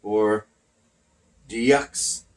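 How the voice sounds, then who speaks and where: A man's voice: fairly low pitch, steady tone, very slow. A man hosting a casual wrestling podcast, rambling and losing his train of thought, a little short of breath while talking through a face mask. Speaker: podcast host. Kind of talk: casual wrestling recap chat. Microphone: wearing a face mask.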